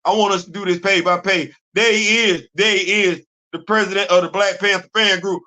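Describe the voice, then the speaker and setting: A man hosting a live comics talk show, animated and exclaiming, repeating himself as he gets excited. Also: high-pitched, brisk, few pauses. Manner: animated, repetitive, exclaiming, laughing. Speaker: comics podcast host. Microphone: live stream mic.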